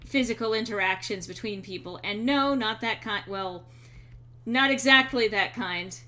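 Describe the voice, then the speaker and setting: A woman streamer chatting casually while she draws, quick and rambling, swearing freely and laughing often. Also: medium pitch, sharp tone.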